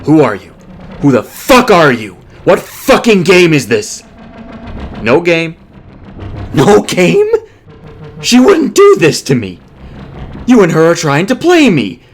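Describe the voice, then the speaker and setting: A man's voice: on the high side, animated, measured pace, pitched above the performer's own voice. A man voicing a cornered, furious doctor. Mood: furious, desperate. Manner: shouting, strained, menacing threats. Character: cornered desperate male doctor, frightened and furious.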